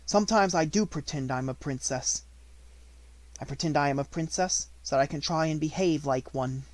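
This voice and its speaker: Composed young girl, gently raised pitch, dry close sound, read by a man. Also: moderate pace, no room sound, natural voice. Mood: firm. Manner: calm, steady, comforting. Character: steady, kind young schoolgirl.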